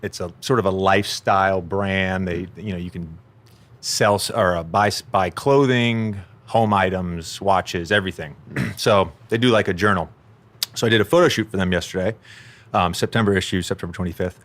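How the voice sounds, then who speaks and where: A man's voice: deep voice, normal speed. A man in his thirties hosting a podcast, chatting casually and telling stories. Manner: storytelling, animated when quoting his toddler. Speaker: podcast host.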